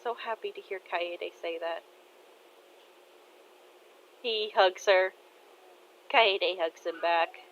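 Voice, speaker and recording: A woman softly narrating a fan story in a casual, unhurried way. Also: on the low side, muffled recording.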